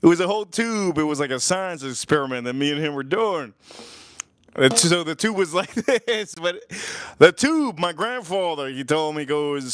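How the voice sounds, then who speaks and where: A man hosts a laid-back live stream about cooking and whiskey, rambling, repeating lines, and laughing at his own stories. His voice is a little high, animated, and fairly bright, at a normal speed with no echo. He films from his own point of view in a home kitchen or backyard.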